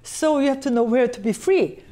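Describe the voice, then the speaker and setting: A woman teaching a cello master class, coaching a student directly in halting phrasing and singing passages on syllables to show them. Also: sits high, dark tone. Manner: sings phrases on syllables to demonstrate.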